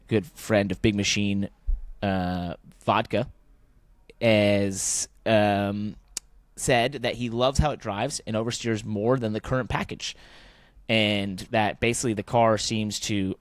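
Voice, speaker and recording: A man co-hosting a motorsport podcast in casual chat, rambling and thinking aloud, growing animated when he rants. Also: lowish voice, dry recording. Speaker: podcast co-host.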